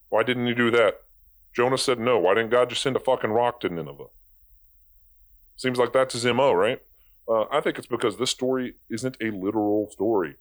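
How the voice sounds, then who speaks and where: A young man, a video commentator, rants casually with sarcasm and exasperation, swearing freely as he goes. His voice sits in the mid range and moves at a moderate pace.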